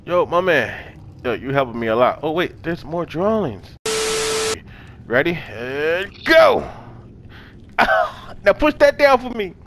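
Animated young man doing game commentary. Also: a little high, slow pace, pauses often, slight background noise. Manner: animated, talks to game characters in slang, swears often. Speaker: gaming channel host. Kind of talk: casual let's-play commentary.

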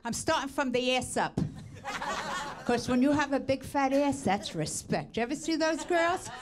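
A woman's voice: normal speed, noisy background. A middle-aged woman from the Bronx with a New York accent, doing a brash, self-mocking stand-up comedy set. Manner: brash, self-mocking, swings pitch up for punchlines. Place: comedy stage with audience. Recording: stage recording, audience laughing.

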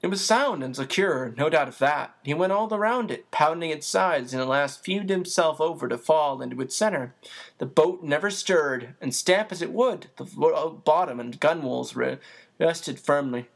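A reader narrating a chapter of a children's novel in a steady, even storytelling manner, with an occasional small slip. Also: mid-range voice, moderate pace, creaky. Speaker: audiobook reader. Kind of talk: audiobook narration.

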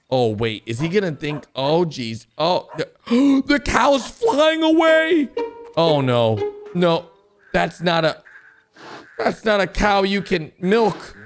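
A man excitedly commenting on cartoon clips for viewers, exclaiming, gasping and laughing as he goes. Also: on the high side. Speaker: host reacting to animations.

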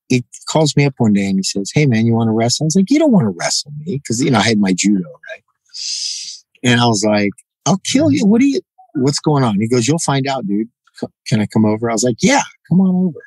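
A middle-aged man with a lowish voice guests on a podcast, telling a story in a casual interview; he's a jiu-jitsu black belt. The recording is low quality with no room sound. He's animated, acting out the dialogue and constantly dropping in "you know" and "right?".

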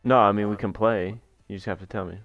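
Rowdy young man with a lowish voice. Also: steady tone, fast, no room sound, highs cut off, soft background music. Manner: swearing, rowdy, easily flustered. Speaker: stream guest. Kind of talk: casual gaming chat.

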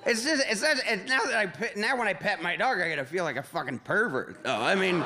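A man's voice: sits high, expressive, background noise. A man doing a rambling, profane stand-up set and introducing the next comic on a club stage. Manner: rambling, halting restarts, profane. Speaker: stand-up comedian and emcee. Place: comedy club stage before a live audience. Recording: live club recording with crowd laughter.

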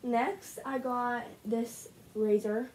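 A teenage girl chats into a camera set up at home, gushing about everything she shows with constant "like" and "so good". Her voice sits a little high and sounds slightly rough. A faint hiss runs underneath. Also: steady tone, drawn-out words, a little mellow, poor audio. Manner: gushing, bubbly, heavy use of "like". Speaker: vlogger. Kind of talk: casual haul video chat. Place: at home, indoors. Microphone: camera set up in front of her.

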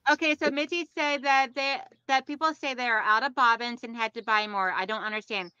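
A woman's voice: a little high, fairly even intonation, fairly quick, pushed and bright, clean tone, no echo, lo-fi sound. A woman hosting her own livestream, chatting casually and playfully with friends and viewers. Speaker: livestream host. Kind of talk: casual chat on a sewing livestream.

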